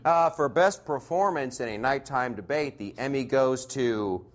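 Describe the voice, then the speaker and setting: A middle-aged man performing a stand-up comedy set, animated and mocking, slipping into quick impressions. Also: medium pitch.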